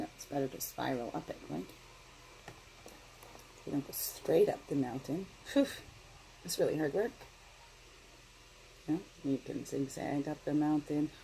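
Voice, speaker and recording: A middle-aged woman giving a casual daily spiritual card reading, talking in a gentle, meandering way and often asking "right?". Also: low-pitched, steady tone, unhurried, vocal fry, long pauses, a little hiss or hum, rough recording.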